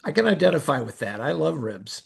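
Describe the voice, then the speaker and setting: Easygoing guy running a zoom chat, gravelly, a bit husky. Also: a little high, very animated, fairly quick. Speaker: chat host. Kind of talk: casual chat. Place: video call.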